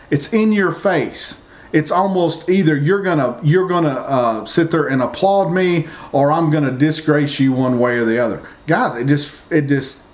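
Man, vlogger, talking straight to camera in an indignant, rambling rant; voice sits a bit high. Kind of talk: opinion rant to viewers.

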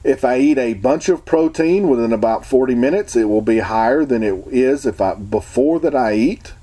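A man's voice: medium pitch, lively intonation, normal speed, mellow. A man talking casually and emphatically to his viewers, opinionated and rambling, often restarting his sentences. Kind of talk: casual talk to camera.

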